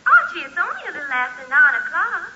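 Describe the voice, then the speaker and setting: Syrupy southern-drawl teen girl, high swooping voice, loud crackle on an old radio tape. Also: sing-song, quick pace, highs cut off. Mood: coy. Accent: American Southern. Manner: sweet, coy drawl. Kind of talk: 1940s radio sitcom acting. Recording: noisy scratchy 1940s radio recording.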